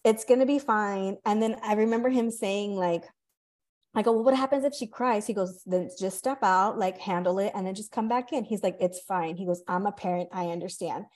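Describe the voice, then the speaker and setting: A woman's voice: mid-range voice, moderate pace. A woman in her thirties hosting a podcast, chatting casually and acting out the voices in her stories. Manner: animated storyteller, acts out quoted voices, swears casually. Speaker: podcast host. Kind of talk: casual conversation.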